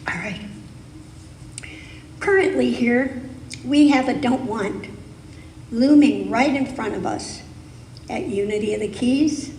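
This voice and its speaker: A woman preaching as a guest speaker, her voice sitting a little high and moving very slowly through each emphatic phrase. The sound carries the long, roomy echo of a sanctuary hall, with a faint hiss beneath it. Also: darkish tone. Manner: slow, deliberate, emphatic phrasing. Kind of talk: sermon. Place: spiritual center sanctuary. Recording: echoey hall, live stream.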